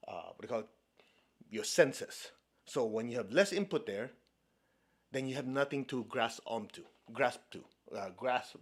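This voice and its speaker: A man from China leads a spiritual talk as a meditation teacher, speaking conversationally and often asking if his listeners follow. His pitch swings widely, jumping high on jokes and dropping low and soft on key points. He laughs easily between his explanations. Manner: laughs often, playful asides.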